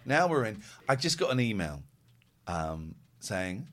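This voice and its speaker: A man's voice: lowish voice, unhurried. A man hosting a radio show, chatting casually and telling stories with acted-out quotes. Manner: lively storytelling, acting out quotes.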